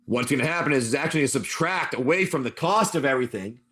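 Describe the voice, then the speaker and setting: A man's voice: medium pitch, lively intonation, fast talker, a bit bright. A man hosting a live stream who narrates a tabletop wasteland adventure as game master, rambling loosely and calling on his players by name.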